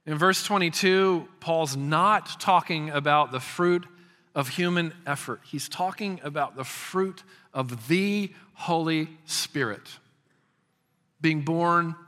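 A man's voice: on the high side, takes it slowly, sharp tone. A man in his fifties preaching a sermon as a pastor, emphatic and prone to repeating words as he starts a phrase. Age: 50s. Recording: long hall reverb.

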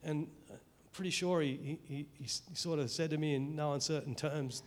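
A middle-aged Australian man giving an earnest, emotional spoken testimony in church, halting and restarting as he speaks. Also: a little high, fairly even intonation.

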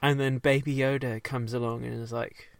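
A man casually recapping a show, rambling, swearing often and slipping into quick silly character voices. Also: medium pitch, flat delivery, creaky, dry recording. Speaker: podcast co-host recapping a show. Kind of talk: casual chat.

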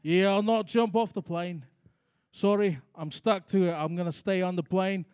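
A man plays a selfish Scottish passenger who refuses to budge. He is blunt and stubborn, and his voice sits high. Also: steady tone, normal speed, darkish tone, smooth, no room sound, studio quality, natural voice.

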